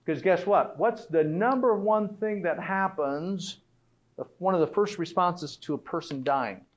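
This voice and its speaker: A man's voice: high-pitched, a little slow, dull audio. A middle-aged man giving a conversational health talk to an audience, often tossing out rhetorical questions. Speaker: health speaker.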